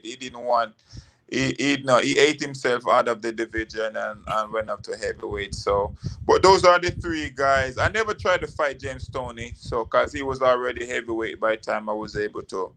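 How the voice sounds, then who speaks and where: A man with a gravelly, bright voice, talking as a guest in a casual interview. He tells his stories in a loose, rambling way and leans on fillers. His voice has a worn, rough grain. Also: medium pitch. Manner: relaxed, rambling storytelling with fillers. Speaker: guest, former boxer.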